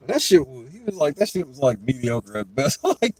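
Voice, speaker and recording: A young man and podcast host telling stories in a casual chat, profane and animated, often breaking into laughter. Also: a little high, normal speed, rough recording.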